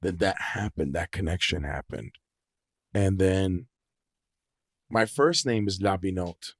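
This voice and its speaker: Low-voiced man telling stories. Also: a little slow, no echo, studio quality. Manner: animated, swears freely. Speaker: podcast guest, singer-songwriter. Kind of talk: casual storytelling chat.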